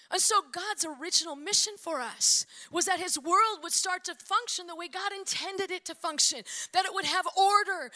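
A woman pastor giving a sermon, energetic and conversational, speaking straight to her listeners and at times dropping to a soft, quiet voice. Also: very high voice. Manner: drops to a soft, quiet voice for tender stretches.

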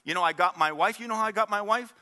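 A man, preaching a sermon in an animated, joking storytelling way and drawing in the congregation. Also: high voice, fast talker. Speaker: pastor.

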